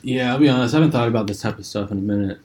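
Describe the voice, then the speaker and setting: A man's voice: medium pitch, rapid-fire, darkish tone. A man co-hosting a casual comedy podcast, laid-back, mostly giving short reactions. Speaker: podcast co-host.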